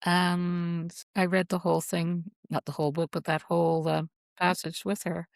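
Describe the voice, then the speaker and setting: At home, a woman author appears as a guest in a casual interview, telling heartfelt stories that ramble from thought to thought with halting restarts. Her fairly low voice is level in tone and creaky, and the recording is dry and close with no surrounding room.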